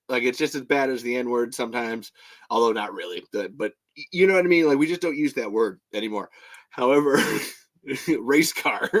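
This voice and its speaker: American dude rambling on a podcast, bright voice, swears a lot, keeps cracking up. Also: male voice, mid-range voice. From United States. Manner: rambling, restarts, swears, laughs often. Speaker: podcast host. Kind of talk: casual podcast chat.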